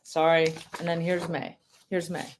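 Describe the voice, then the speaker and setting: Slow, low-voiced woman reading a memoir. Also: completely flat delivery, a little hiss or hum. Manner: reads slowly, breaks off to comment and explain. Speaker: reader of a family memoir. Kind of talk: casual reading aloud with asides.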